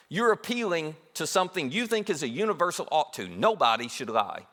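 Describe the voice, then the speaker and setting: A man with a fairly high, bright voice preaches in a conversational way. His pitch rises and falls a lot as he acts out quoted lines. The sound carries a long reverb from a church auditorium. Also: very animated, brisk. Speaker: pastor. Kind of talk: sermon.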